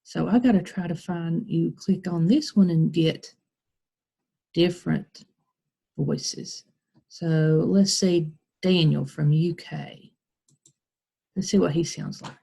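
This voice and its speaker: A woman's voice: fairly low pitch, takes it slowly, creaky, pauses often, mellow, slightly rough. An American woman teacher patiently walking children through a recorded screen tutorial, step by step.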